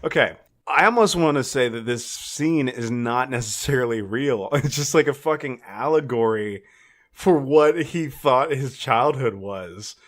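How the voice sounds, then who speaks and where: A man's voice: medium pitch, a little slow. A man co-hosting a podcast, chatting casually about films in a blunt, teasing way with some swearing. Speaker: podcast co-host. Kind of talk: casual film chat.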